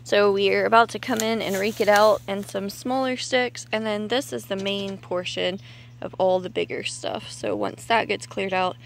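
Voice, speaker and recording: A woman's voice: medium pitch, normal speed, vocal fry, slight background noise. A woman in her thirties, a little out of breath, chatting and thinking aloud as she films her yard work outdoors on a handheld camera. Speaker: homesteading vlogger. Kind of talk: casual outdoor vlog narration. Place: outdoors in a yard clearing brush.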